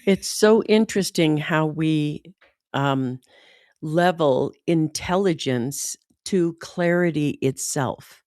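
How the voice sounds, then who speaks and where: An American woman talking casually as a host, animated and often saying "like". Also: low voice, slow pace, no room sound, studio quality. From United States. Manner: animated, says "like" often, mimics accents. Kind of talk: casual conversation.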